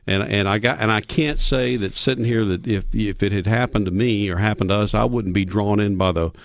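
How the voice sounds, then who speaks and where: A man's voice: fairly low pitch, a little fast, gravelly, no room sound. A man, a radio guest telling folksy stories. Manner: anecdotal, folksy, animated when quoting others. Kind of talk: storytelling interview.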